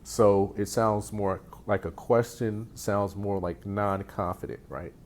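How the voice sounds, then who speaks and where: A man with a somewhat low voice coaches real estate agents in an easygoing, unscripted way. He circles back on his phrases and restarts often. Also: fairly even intonation, slow pace, darkish tone, a little hiss or hum. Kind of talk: casual teaching talk.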